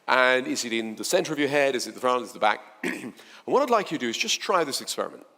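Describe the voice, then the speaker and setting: Male seminar speaker, animated, hall reverb. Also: medium pitch, quick pace, creaky. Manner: chatty, animated, playful, swings between soft and loud. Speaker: motivational speaker. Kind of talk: live seminar talk to an audience.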